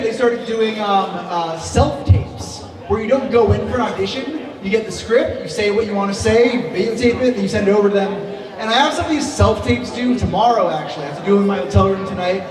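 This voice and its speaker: A man with a fairly high voice performs stand-up on a club stage, chatting and riffing with the audience. The sound is roomy and distant, with a long echo. A lively crowd fills the background. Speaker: stand-up comedian. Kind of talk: stand-up comedy set. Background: audience laughter and chatter.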